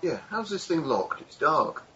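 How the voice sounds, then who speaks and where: Lively man playing a tabletop game. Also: fairly high pitch, unhurried. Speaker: player. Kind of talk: casual tabletop play. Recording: dull lo-fi recording with faint hiss.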